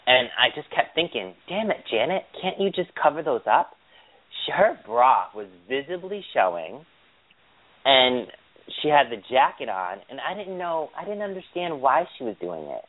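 A man dishes blunt, gossipy opinions in casual podcast chat, swearing as he goes. His voice sits at a middling pitch and comes through a thin, phone-like line. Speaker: podcast co-host.

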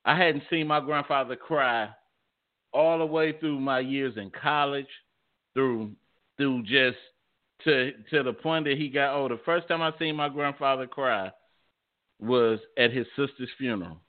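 A man's voice: mid-range voice, unhurried. A middle-aged man in casual chat, stammering and laughing as he tells stories. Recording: tinny phone-like audio.

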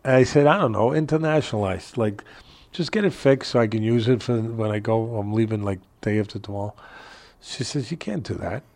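An older man, a boxing trainer, telling a story in a casual interview from his home, animated and laughing as he talks. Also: fairly low pitch, brisk. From New York area.

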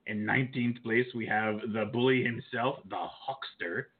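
A man's voice: mid-range voice, little pitch movement, normal speed. A man co-hosting a casual show, reading out rankings with flirty, joking asides. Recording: tinny phone-like line.

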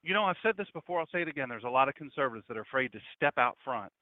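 A man's voice: medium pitch, expressive, very fast, no room sound. A pastor in his fifties preaching a fiery sermon, emphatic and hammering points home by repeating phrases. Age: 50s. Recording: dry, tinny phone-like audio.

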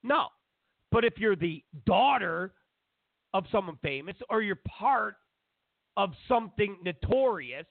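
A man's voice: sits high, lively intonation, normal speed, creaky, no room sound. A man hosting a talk show, delivering a sarcastic, digressive, opinionated rant. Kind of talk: opinionated monologue. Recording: dry, phone-like narrow sound.

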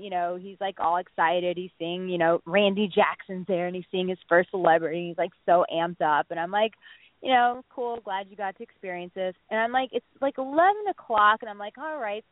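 A woman in her thirties, a dating coach, telling a story in casual radio chat, animated and full of "like". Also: medium pitch, no room sound. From Texas. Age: 30s. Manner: animated, acts out quotes, lots of "like". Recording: tinny phone-line sound, dry.

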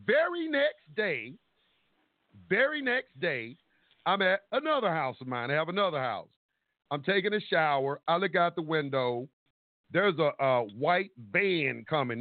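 A man with a high voice tells a long, lively story on a call-in show. He voices the other people's lines himself and swears freely. The sound is tinny and dry, like a phone line. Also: no room sound. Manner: animated storytelling, acting out quotes, swearing. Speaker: caller.

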